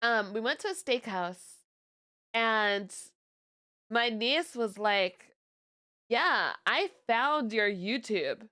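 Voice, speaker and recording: A young woman VTuber chatting casually on stream, telling stories in an animated, giggly way and sounding tired. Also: on the high side, slow pace.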